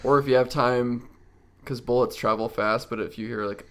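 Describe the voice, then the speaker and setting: A man's voice: medium pitch, steady tone, moderate pace, a bit bright. A man co-hosting a podcast, musing aloud in a hesitant, searching way, with frequent restarts. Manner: hesitant, thinks aloud with many likes and restarts. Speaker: podcast co-host. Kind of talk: casual chat.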